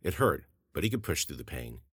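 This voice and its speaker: A man narrating his own horror story in a measured, steady way as a podcast host. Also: extremely low pitch, slightly rough, dry recording, studio quality.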